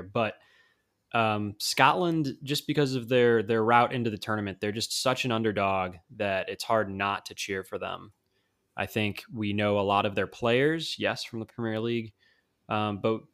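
A man co-hosting a casual podcast on a video call, talking in a halting, playful way with lots of fillers. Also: lowish voice, fairly bright tone, clean tone. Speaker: podcast co-host.

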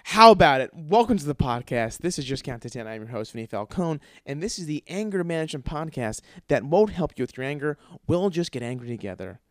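A man's voice: fairly high pitch, big pitch swings, a little fast, hardly any pauses, no echo, clean studio sound. A man hosting his own podcast, ranting casually and comically with lots of swearing and rambling restarts. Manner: profane, grumbling, rambling with restarts. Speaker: podcast host. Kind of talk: casual comedic rant.

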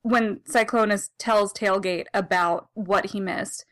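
A woman's voice: medium pitch, fairly even intonation, slow, fairly bright tone. A woman co-hosting a podcast in casual chat, rambling, laughing often and correcting herself as she goes. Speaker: podcast co-host. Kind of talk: casual comic discussion.

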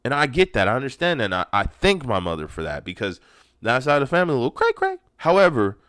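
A man's voice: medium pitch, huge pitch swings, fast talker, a bit bright, dry recording, studio quality. A young man hosting a show, delivering a heated, profane monologue with strong emphasis. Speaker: podcast host. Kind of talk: ranting monologue.

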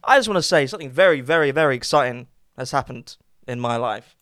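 A man's voice: mid-range voice, expressive, quick pace, fairly bright tone, clear, resonant tone, no echo, studio quality. A young man co-hosting a podcast in casual chat, jokey and teasing, full of playful fake-outs. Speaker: podcast co-host.

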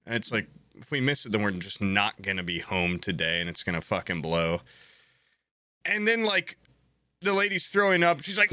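A man in his late twenties telling a story in casual chat, animated, swearing freely and acting out what people said. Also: mid-range voice, moderate pace, no room sound.

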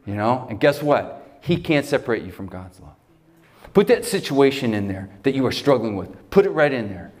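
A male pastor preaching a conversational, emphatic sermon in a church, leading into a prayer. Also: darkish tone. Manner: emphatic, conversational, pitch rises when stirred. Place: church sanctuary.

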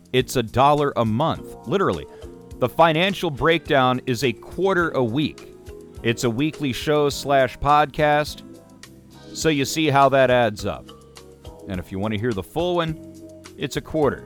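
A man's voice: mid-range voice, a little slow, faint music behind. A man hosting a talk radio show, delivering a sarcastic, opinionated monologue with mocking put-on voices.

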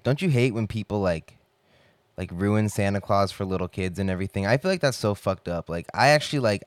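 Deep-voiced young man ranting casually. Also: no echo. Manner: rambling, profane, heavy on filler "like". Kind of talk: casual monologue.

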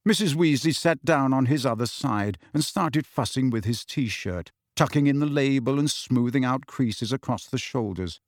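A man narrating an audiobook in an expressive, lively reading. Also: mid-range voice, normal speed, hardly any pauses, no room sound, studio quality.

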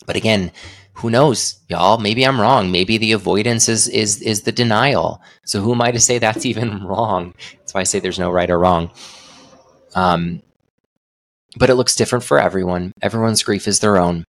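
A young man hosts a solo podcast in a very low voice with a gravelly edge. He talks earnestly and thoughtfully, often restarting his sentences as he works through his ideas. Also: moderate pace, no echo. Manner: earnest, reflective, many restarts. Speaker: podcast host.

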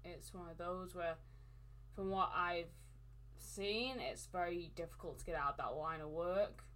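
A woman's voice: fairly low pitch, measured pace, a bit bright. A woman co-hosting a podcast, talking in loose, conversational chat. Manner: conversational, talks with loose fillers and restarts. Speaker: podcast co-host. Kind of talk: casual chat.

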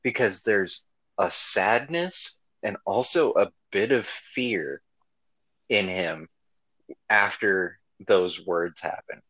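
Deep-voiced man, slow and bright-toned, excitable fan, casual podcast co-host. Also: dry recording, poor audio. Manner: enthusiastic fan, swears freely. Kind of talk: casual chat.

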